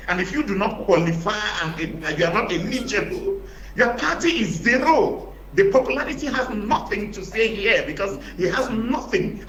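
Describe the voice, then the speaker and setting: A man with a Cameroonian English accent arguing as a panelist in a studio debate, emphatic and halting, repeating words and filling pauses. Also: high voice, fairly bright tone, echoey room, a little hiss or hum, rough recording. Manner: emphatic, repeats words while searching, many fillers. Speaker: opposition party panelist.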